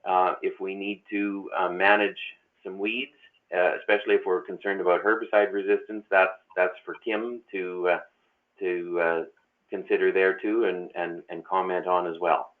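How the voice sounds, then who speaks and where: A man's voice: low voice, flat delivery, moderate pace. A man speaking on a panel in an online webinar, folksy and prone to repeating words and restarting. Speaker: agronomy panelist. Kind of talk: webinar discussion. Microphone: video call. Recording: tinny phone-like call line.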